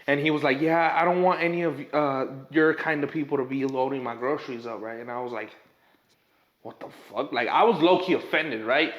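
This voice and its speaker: A man hosting a casual podcast chat, telling animated stories and acting out quotes. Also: medium pitch, a little fast, roomy sound, muffled recording. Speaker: podcast host.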